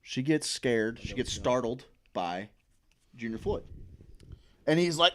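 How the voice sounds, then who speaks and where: A man's voice: mid-range voice, slow, pauses often. A man co-hosting a comedy podcast, casually recapping a movie and acting out the characters' lines. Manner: animated storyteller, acts out quoted lines. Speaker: podcast co-host.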